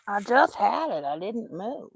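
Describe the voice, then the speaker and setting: Lady crocheting on a live stream, talks to herself, kinda fry-ish voice, swears when stuff goes missing. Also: mid-range voice, sing-song, measured pace, no echo. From Texas. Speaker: crochet livestream host. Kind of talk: casual live-stream chat while crocheting.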